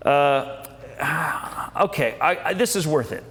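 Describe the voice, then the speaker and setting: This folksy speaker, preaching-style stories at a political gathering, has a fairly high, animated voice that is slightly bright and unhurried. He restarts his lines many times, and the hall around him rings with long reverb.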